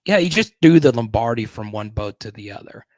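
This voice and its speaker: A man's voice: mid-range voice, expressive, brisk, a little mellow, dry recording. A man hosting a casual live stream, chatting and reading viewer comments aloud.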